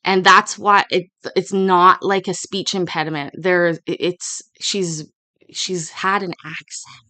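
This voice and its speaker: Chatty woman commenting, low voice. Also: little pitch movement, slow pace, sharp tone, dry recording. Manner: rambling, full of restarts and asides. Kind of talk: casual commentary on court footage.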